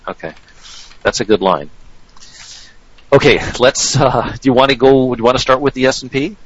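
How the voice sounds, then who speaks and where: A man's voice: mid-range voice, brisk, long pauses, fairly bright tone, slightly rough, no room sound, highs cut off. A man hosting a radio show in a chatty, joking way, often restarting his sentences. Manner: chatty and jokey, with frequent restarts and laughs. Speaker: radio show host, trading educator. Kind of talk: casual radio chat.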